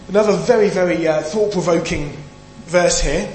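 A man from the UK delivers an emphatic sermon, often throwing questions out to his listeners. His voice sits a little high for a man. The sound is roomy and echoey, with a faint hum underneath. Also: moderate pace, few pauses, darkish tone. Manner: emphatic, asks the audience questions. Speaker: preacher.

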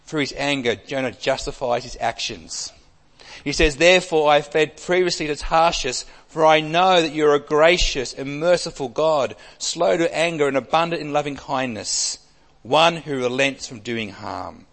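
A man preaching an expository sermon, emphatic, with wide swings between loud and soft. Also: fairly high pitch, moderate pace. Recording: long hall reverb.

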